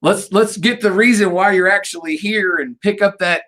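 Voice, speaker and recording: A man's voice: sits high, moderate pace, a bit bright, soft background music. A man hosting a weekly live radio interview, talking in a rambling, friendly way. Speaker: radio show host. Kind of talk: casual interview chat.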